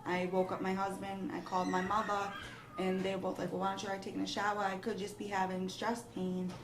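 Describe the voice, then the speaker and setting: A young woman gives an interview, recounting a frightening personal experience in a steady, low-key voice that grows more emotional as the story goes on. The room carries a noticeable echo, with a faint hiss of background noise under her words. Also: brisk. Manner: breathless, rising emotion, quoting others in the retelling.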